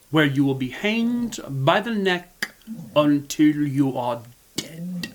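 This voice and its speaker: An American man putting on a British accent to play a stern older male judge, speaking slowly and formally. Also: fairly high pitch. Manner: slow, grave and formal.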